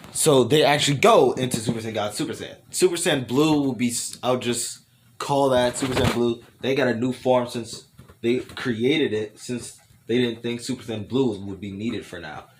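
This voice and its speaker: A man's voice: medium pitch, moderate pace, slight background noise. A man casually improvising a fan story aloud, rambling and self-correcting as he goes and laughing at his own voices.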